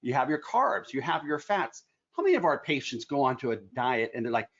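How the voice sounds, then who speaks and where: A man's voice: mid-range voice, sing-song, fairly quick, few pauses, fairly bright tone. A man in his fifties giving a clinical lecture over slides, explaining things keenly with folksy asides. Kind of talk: medical presentation with slides. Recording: slightly dull lo-fi sound.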